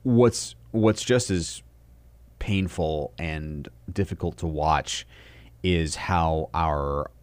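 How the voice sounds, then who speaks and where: Deep male commentator, indignant rant, dry close recording. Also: no echo. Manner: indignant, ranting. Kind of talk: opinion commentary over video.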